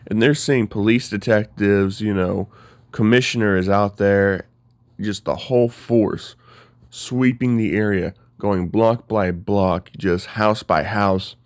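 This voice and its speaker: Man with a low voice, casual rambling storyteller, dry close sound. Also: fairly even intonation, slow pace, darkish tone, no echo. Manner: casual, rambling, filler-heavy. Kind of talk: casual spoken story retelling.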